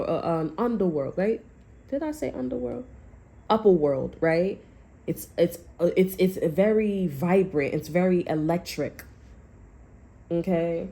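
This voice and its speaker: A woman's voice: on the low side, mellow. A woman giving a casual, loose tarot reading to her viewers, swearing freely and talking through restarts. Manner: loose and profane, chatty, fillers and restarts. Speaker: tarot reader.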